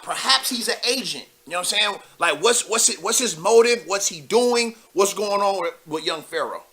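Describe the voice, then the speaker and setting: A man's voice: sits high, bright, forceful tone. A young man hosting a live call-in show, commenting loosely with lots of fillers and asides to viewers. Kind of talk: casual political commentary.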